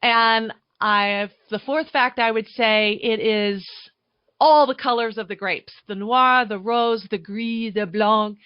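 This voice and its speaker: A woman chats over a video call, working through her points with pauses and restarts. The line sounds dull and dry, with no room around her. Her pitch sits in a middling range. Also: smooth, no room sound. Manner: thoughtful, lists facts with pauses. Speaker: wine podcast guest. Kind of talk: casual chat on a video call.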